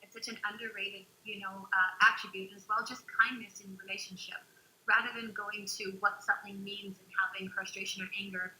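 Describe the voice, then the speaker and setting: A woman co-hosting a relationship webinar, speaking earnestly and reflectively, at times softly. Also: mid-range voice, level tone, fairly quick, reverberant, a little hiss or hum, poor audio. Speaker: co-host. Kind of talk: webinar talk.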